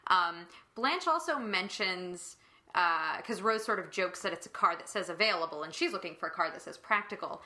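A woman's voice: fairly low pitch, expressive, moderate pace, sharp tone. A woman co-hosting a podcast, recapping a TV episode in casual chat, full of "like" and quoting characters. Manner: chatty, many "like" fillers, quotes characters. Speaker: podcast co-host.

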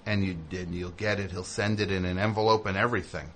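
Low-voiced guy hosting a call-in comedy radio show, teasing, faint room hum. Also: steady tone, fast talker, a bit bright. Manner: joking, teasing, tells stories with put-on voices.

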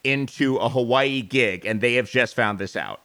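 A man from New York who hosts an interview, asking quick follow-up questions and joking with his guest. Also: medium pitch, sharp tone. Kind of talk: casual interview.

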